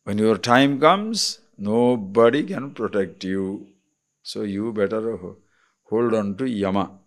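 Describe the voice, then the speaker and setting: A man with an Indian accent, a swami giving a spiritual discourse on scripture, explaining deliberately and checking in with rhetorical questions. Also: fairly low pitch.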